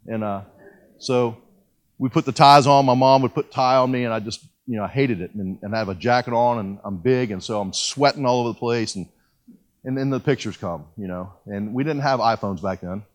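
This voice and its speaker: With a mid-range voice and a fairly quick pace, this man in his fifties, a pastor, works through a sermon. He recounts his own testimony in a homespun, self-mocking manner and frequently starts his thoughts over.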